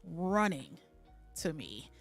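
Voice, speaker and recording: A woman's voice: deep voice, sing-song, slow pace, gravelly, faint music behind. Earnest woman telling a personal story. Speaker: guest chef. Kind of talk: casual interview talk.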